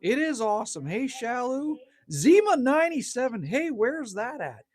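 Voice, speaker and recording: A Manitoba, Canada man hosts a casual evening livestream outdoors at his cabin, reading viewer comments in a relaxed, chatty way, poking fun at himself, swearing mildly, and dropping "man" a lot. His voice is very high, husky, and very animated at a moderate pace.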